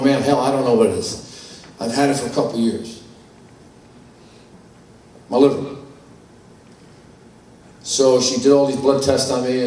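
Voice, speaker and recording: An older New Yorker with a mid-range, slightly mellow voice gives a candid, blunt personal testimony at a conference, telling his story with salty language. The mic sits far off in an echoey, large conference hall, with slight background noise.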